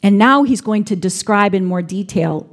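Female preacher, reflective sermon delivery, mid-range pitch. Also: animated, moderate pace. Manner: reflective, acting out quoted speech.

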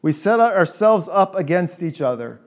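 A man preaching a sermon as a pastor, leaning on repeated phrases and switching between quick casual asides and slow, stressed lines. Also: high-pitched, expressive.

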